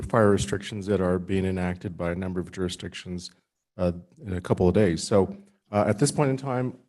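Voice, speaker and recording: Casting: deep-ish man, county manager, formal and measured, steady delivery. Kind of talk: formal meeting remarks.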